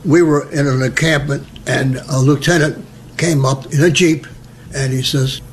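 A man's voice: mid-range voice, steady tone, normal speed, a little hiss or hum. An elderly American man telling personal stories in a chatty, humorous way, acting out the voices of people he quotes. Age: older. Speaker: veteran interviewee. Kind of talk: personal storytelling.

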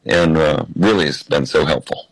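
An American man, a comedian guest in an interview, telling stories and acting out quoted lines with lively shifts. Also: rumbling low, normal speed, gravelly, slightly rough, dry recording, low-quality recording. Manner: animated storyteller who acts out quotes. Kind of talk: interview storytelling.

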